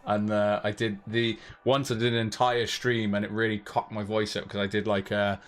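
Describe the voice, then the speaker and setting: A man's voice: fairly low pitch, flat delivery, moderate pace, fairly bright tone, soft background music. Chatty male stream host, laughs easily. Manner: chatty, laughs often, slips into put-on accents. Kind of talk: casual live-stream chat.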